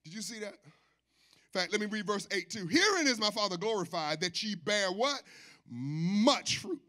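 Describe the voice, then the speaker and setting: Bright high-voiced preaching man. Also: very animated, moderate pace. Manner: call-and-response preaching, swinging from soft to shouting. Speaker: pastor. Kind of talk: sermon. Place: church sanctuary.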